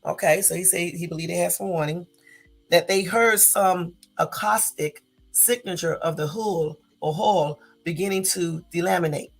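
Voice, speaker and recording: Woman, gravelly, on the low side, casual news commentary that stops to fix slips. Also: moderate pace, faint music behind. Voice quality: gravelly morning voice. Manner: reads aloud with self-corrections and asides.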